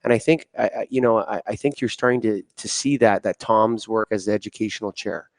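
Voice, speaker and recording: A man's voice: on the low side, steady tone, a little fast, dry recording. A man hosting a podcast interview at a conference, easygoing and chatty, with many fillers and restarts. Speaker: podcast host. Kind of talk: casual interview. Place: conference venue.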